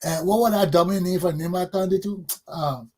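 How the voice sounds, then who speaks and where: A middle-aged man with a Liberian accent hosts a talk show, his high voice husky and a little rough. He delivers blunt, scolding political commentary and hurls insults at those he criticizes. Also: fairly even intonation, normal speed, mellow.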